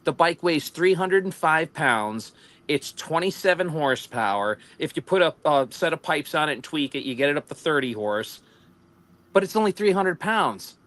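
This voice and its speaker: A man's voice: a little high, animated, normal speed, fairly bright tone. A man with an American accent telling rambling stories in a casual livestream chat, laughing often. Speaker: livestream co-host.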